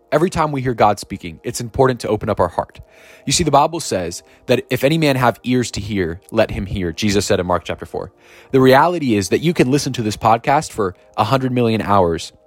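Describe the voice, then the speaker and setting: A man preaching a podcast sermon, reading scripture slowly and emphatically and exclaiming with energy. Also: medium pitch, no echo.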